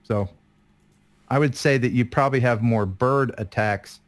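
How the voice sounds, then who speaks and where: A man's voice: medium pitch, measured pace. A man in his fifties co-hosting a live stream, chatty and self-deprecating, often trailing off and laughing. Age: 50s. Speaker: guest co-host. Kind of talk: casual live-stream chat.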